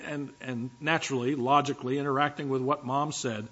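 A man's voice: mid-range voice, fairly even intonation, fairly quick, hardly any pauses, fairly bright tone, muffled recording. A man preaching a sermon in a conversational, storytelling way, with frequent fillers. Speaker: pastor.

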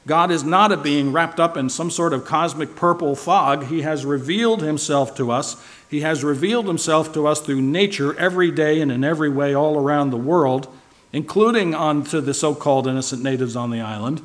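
A man preaching a sermon with emphatic stress, now and then asking the listeners questions. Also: a little high. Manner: emphatic, shifting loud and soft for stress; asks the listeners rhetorical questions.

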